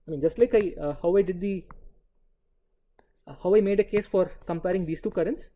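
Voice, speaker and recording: A man giving an engineering lecture, often pausing to quiz the class with short prompting checks. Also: high voice, lo-fi sound. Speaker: university lecturer.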